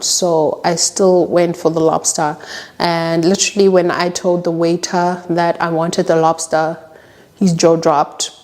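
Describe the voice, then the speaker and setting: South african girl telling a dating story, kinda low voice, jumps up high when she acts stuff out. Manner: animated, acts out quoted lines with pitch jumps. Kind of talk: casual storytime monologue.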